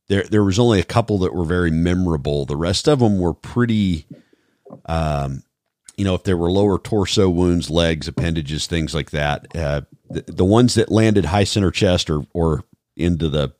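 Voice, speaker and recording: Man, podcast host, very deep voice, measured and thoughtful, dry close mic. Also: darkish tone, no room sound. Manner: measured, thoughtful, many fillers. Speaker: podcast host, former trauma responder. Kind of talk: casual podcast conversation.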